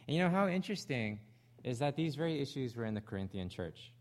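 A man with a Canadian accent preaching a sermon, animated, acting out the voices he quotes. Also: mid-range voice, quick pace. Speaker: pastor.

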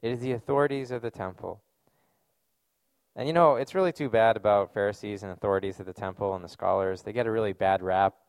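Male pastor, gravelly, dry close sound, casual earnest sermon delivery. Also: fairly low pitch, fast, no echo. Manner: conversational, earnest preaching with casual fillers.

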